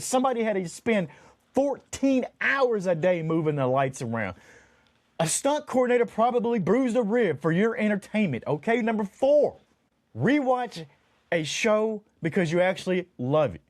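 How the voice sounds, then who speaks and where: Animated high-voiced man ranting on a podcast. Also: no room sound, clean studio sound. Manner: animated, mock-exasperated, counts points off. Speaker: podcast co-host. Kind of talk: ranting casual chat.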